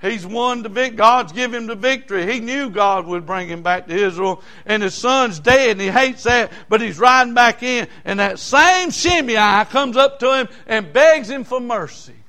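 A man, preaching a folksy, animated sermon. His voice sits high and sounds bright and forceful. He slips homespun asides in between the scripture stories. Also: normal speed, hardly any pauses. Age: 60s.

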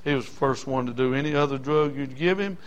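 An older man preaching a sermon, passionate, dropping from hushed storytelling to shouting. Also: medium pitch, quick pace. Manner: impassioned, swings from hushed to shouting.

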